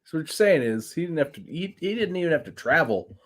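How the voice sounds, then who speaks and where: A man's voice: on the high side, big pitch swings, fast. A man co-hosting a casual podcast, brash and joking, throwing out exaggerated threats. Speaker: podcast co-host. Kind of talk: casual chat.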